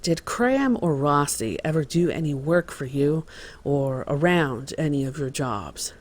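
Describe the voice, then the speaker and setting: A man voicing a male trial lawyer asking formal, measured questions in a dramatized reading of court testimony. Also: fairly high pitch, lively intonation.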